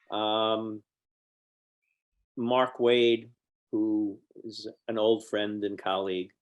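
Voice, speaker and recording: An older American man, a guest on an interview, telling anecdotes with dry humor. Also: lowish voice. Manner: wry, storytelling, dry humor.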